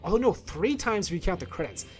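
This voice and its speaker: A man's voice: high-pitched, big pitch swings, fast talker. A man talking casually while playing a video game, rambling and correcting himself as he thinks aloud, wearing headphones. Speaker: video game streamer reviewing films. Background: faint game music.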